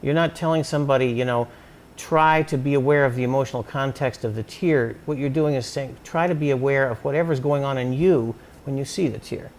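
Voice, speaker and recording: A man in a recorded interview talks through his ideas at an even pitch. He stumbles and restarts often as he reaches for the right words, building his point with examples. Faint noise hums under the recording. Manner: halting, many restarts, explains with examples. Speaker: psychoanalyst interviewee. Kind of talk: thoughtful conversational interview.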